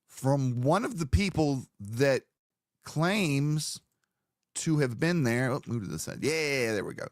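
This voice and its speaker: A man's voice: medium pitch, lively intonation, a little slow, dry recording, clean studio sound. A man hosting a live stream, talking in a casual, profane, rambling way as he sets up a commentary segment. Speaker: streamer host.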